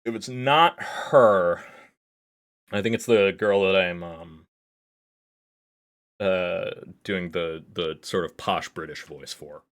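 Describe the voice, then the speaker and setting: A man with a very deep, low-pitched voice talking his way through a game on a livestream. He rambles casually between thoughts and reads the on-screen text aloud. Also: fairly even intonation, takes it slowly. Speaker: streamer. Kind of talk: casual livestream commentary while playing a visual novel.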